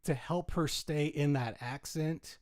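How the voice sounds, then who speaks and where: A man's voice: on the high side, slow pace, a little mellow, dry recording, studio quality. Enthusiastic man podcast co-host. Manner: enthusiastic, rambling storyteller. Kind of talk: casual chat.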